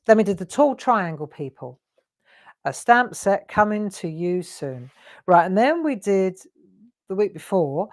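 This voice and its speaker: A woman's voice: on the low side, a little mellow. A woman hosting a live craft demonstration, chatting and teasing her viewers with frequent laughs. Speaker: craft show host.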